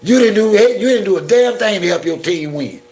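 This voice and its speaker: A man's voice: high voice, lively intonation, moderate pace, background noise. A man hosting a casual live stream, chatting with viewers in playful flirty banter and blunt exasperated rants. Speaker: YouTube live-stream host.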